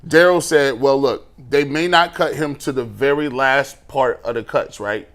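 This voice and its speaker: A man's voice: mid-range voice, measured pace, fairly bright tone. A man co-hosting a sports talk show, dismissive and sarcastic toward online critics. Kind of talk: casual sports debate.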